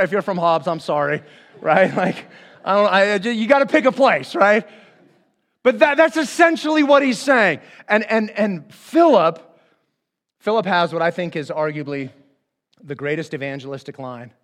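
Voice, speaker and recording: A man's voice: high-pitched, fairly quick. A man preaching a conversational sermon as pastor, acting out the speakers in the Bible stories.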